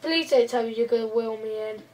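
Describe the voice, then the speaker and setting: A woman's voice: a little high, brisk, darkish tone, distant mic, slight background noise, low-quality recording. A woman hosting and playing her part in a casual game role-play, hesitant, with frequent restarts and playful groaning. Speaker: host and role-player.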